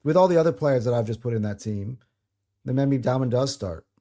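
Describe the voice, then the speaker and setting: A man's voice: medium pitch, animated, fairly quick, warm tone. A man co-hosting a casual football talk show, hesitant, with lots of ums and short laughs. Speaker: podcast co-host.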